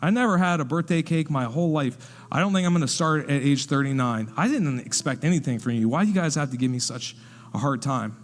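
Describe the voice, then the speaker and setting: A man playing a tired, hurt woman near forty in a sermon story, quiet pleading tone, echoey church hall. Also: a little high, fairly quick, close to an everyday voice. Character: weary woman turning thirty-nine, hurt and resigned.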